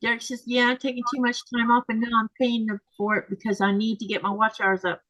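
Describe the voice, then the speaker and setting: A woman's voice: on the high side, level tone, fast, fairly bright tone, no room sound, poor audio. A woman hosting a live sewing stream, tired and yawning, chatting casually as she reads viewer comments aloud and answers them.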